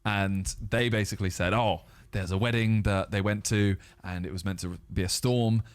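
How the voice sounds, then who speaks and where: A man's voice: on the low side, steady tone, moderate pace, clear, resonant tone. A man in casual podcast chat, narrating events step by step. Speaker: podcast guest, the groom.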